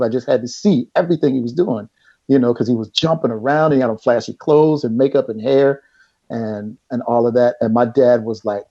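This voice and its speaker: A middle-aged man, appearing as a guest in a casual chat, tells a story with animation and laughs along the way. His medium-pitched voice is mellow and dark, and the audio is dull and lo-fi.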